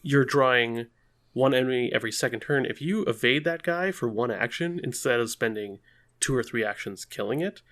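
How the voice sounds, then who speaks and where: A man's voice: mid-range voice, moderate pace, a bit bright. A man co-hosting a podcast, talking emphatically and with self-ironic asides. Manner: emphatic, self-ironic, stresses key words. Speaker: podcast co-host. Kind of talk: casual podcast chat.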